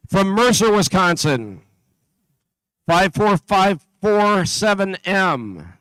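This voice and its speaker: A man's voice: sits high, big pitch swings, slow pace, fairly bright tone, clean tone, no room sound, rough recording. A man announcing competing teams at an event, reading a list steadily with small slips and asides. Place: event venue.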